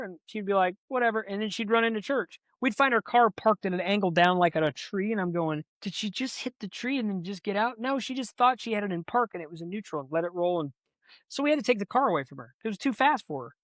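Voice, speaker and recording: Man, fairly high voice, lively storyteller, dry close mic, podcast co-host. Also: quick pace, no room sound. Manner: animated storyteller, acts out quotes. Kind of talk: casual storytelling chat.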